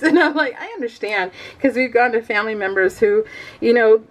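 A woman's voice: a little high, normal speed, poor audio. Chatty, laughing middle-aged woman. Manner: chatty, rambling, laughs often. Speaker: scrapbooking vlogger. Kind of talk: casual chat while crafting.

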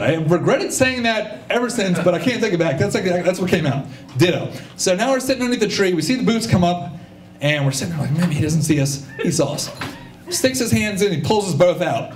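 Male stage storyteller, animated, acts out his characters, swooping pitch. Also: roomy sound. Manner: animated, acts out voices, audience laughter. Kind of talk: live personal storytelling. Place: stage at a live storytelling show. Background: audience laughter.

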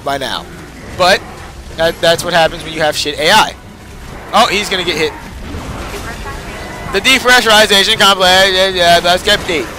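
A man's voice: high voice, normal speed, pauses often. A young man giving casual, frustrated gameplay commentary, swearing and cheering himself on. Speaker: gamer.

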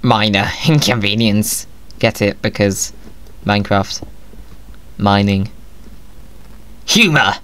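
A man's voice: on the low side, flat delivery, slow pace, pauses often, a bit bright, clear, resonant tone. A man giving playful, jokey commentary over his own gameplay, often talking to himself. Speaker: Minecraft video creator.

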